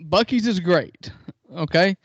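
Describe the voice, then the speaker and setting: A man's voice: high voice, animated, unhurried, dry recording, highs cut off. A man with a Northeast Mississippi accent, co-hosting a sports podcast and ribbing his friend with chuckles. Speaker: podcast co-host. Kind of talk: casual sports podcast chat.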